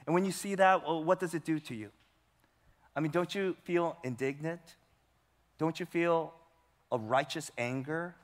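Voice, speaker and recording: A man's voice: a little high, moderate pace, long pauses. A male pastor preaching a sermon with emphasis, putting rhetorical questions to his congregation. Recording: long hall reverb.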